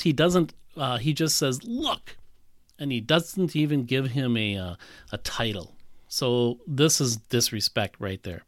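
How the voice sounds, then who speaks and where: A man preaching a sermon, animated and emphatic, with frequent rhetorical questions. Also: medium pitch, dry recording, studio quality. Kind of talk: expository sermon.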